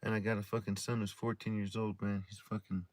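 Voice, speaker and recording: This is a man's casual storytelling chat with a live audience: he rambles and swears heavily while sipping a beer on his livestream. His voice sits fairly low, his delivery is flat and brisk, and there's no room sound.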